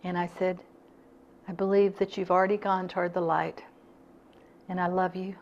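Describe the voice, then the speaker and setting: A woman's voice: on the low side, flat delivery, normal speed, a little mellow, lo-fi sound. An older woman giving an earnest talk, telling her own stories and acting out what people said. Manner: earnest, acts out quoted dialogue. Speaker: speaker at a club talk. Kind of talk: personal storytelling talk.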